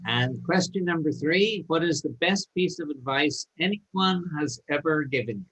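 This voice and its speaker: A man's voice: fairly high pitch, animated, measured pace, fairly bright tone, breathy edge, poor audio. A man hosting an online webinar, introducing a guest and giving instructions to participants in an upbeat manner. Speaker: webinar host. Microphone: video call.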